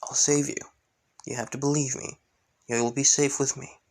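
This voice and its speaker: A man voicing a calm, protective young male hero in a spoken fan story, talking softly and hesitantly. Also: medium pitch, moderate pace, creaky, natural voice. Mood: reassuring.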